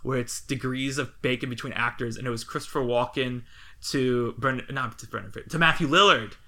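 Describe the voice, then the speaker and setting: A man's voice: mid-range voice, a little fast, sharp tone. A man co-hosting a casual podcast, rambling through opinions and laughing often. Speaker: podcast co-host.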